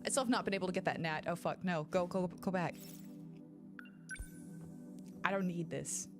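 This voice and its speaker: A woman streaming a video game in casual, profane chat, swinging between low mutters and excited shouting over game music. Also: normal speed. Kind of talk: casual let's-play chat. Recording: game music playing behind.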